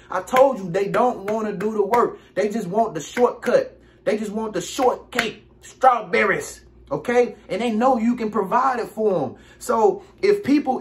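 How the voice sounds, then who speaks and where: A man, giving casual relationship advice in an animated, preachy monologue. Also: high-pitched, slight background noise. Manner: animated, preachy, acts out quick impressions.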